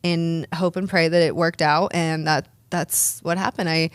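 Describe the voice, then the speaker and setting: Woman in her thirties, interview guest, lowish voice, chatty, restarts often, dry sound. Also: steady tone, measured pace, clear, resonant tone, no room sound. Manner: chatty, frequent restarts and repeats. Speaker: interview guest, pro wrestler and dentist. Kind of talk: casual interview storytelling.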